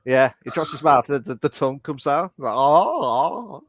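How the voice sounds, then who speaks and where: A man's voice: mid-range voice, fairly even intonation, fairly quick, a bit bright, no room sound, studio quality. A man co-hosting a podcast in casual chat, playful and given to silly voices. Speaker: podcast co-host.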